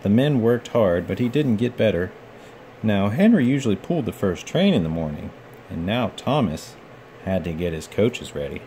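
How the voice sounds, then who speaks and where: There's a faint background hum as a man with a fairly low voice reads aloud from a children's picture book. He tells the story in a gentle, measured, expressive way.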